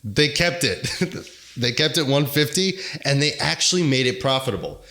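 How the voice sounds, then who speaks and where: A man's voice: mid-range voice, expressive, moderate pace, sharp tone. A man co-hosting a podcast in casual chat, rambling and joking and laughing often. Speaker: podcast co-host.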